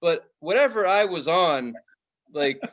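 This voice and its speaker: A young man rambles through a story on a casual podcast, swearing freely and stumbling over his words. His voice sits a little high for a man. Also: animated, unhurried, fairly bright tone, dull audio. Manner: rambling, profane, laughing storyteller. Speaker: podcast co-host.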